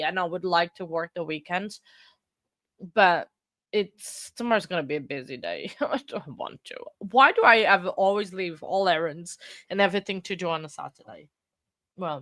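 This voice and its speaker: A woman with a somewhat low voice hosts a livestream in a loose, chatty way. She rambles and laughs at herself as she reads viewer comments aloud and answers them. The sound is dry, with no room echo. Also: a bit bright. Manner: chatty and self-deprecating. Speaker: livestream host. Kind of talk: casual livestream chat.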